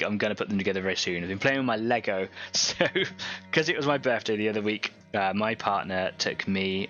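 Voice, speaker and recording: A man hosts a live painting stream, his low voice crisp and bright as he rambles cheerfully and chuckles at his own jokes. The audio is slightly dull and lo-fi, with faint music underneath.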